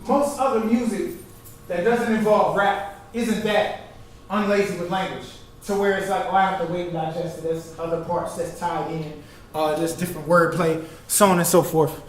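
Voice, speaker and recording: Animated man lecturing in an echoey hall. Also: sits high, normal speed, slight background noise. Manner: animated, prompts the audience to finish his phrases. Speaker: performance poet giving an artist talk. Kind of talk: interactive lecture with call-and-response. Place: lecture hall with a live audience. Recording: echoey hall recording from far off.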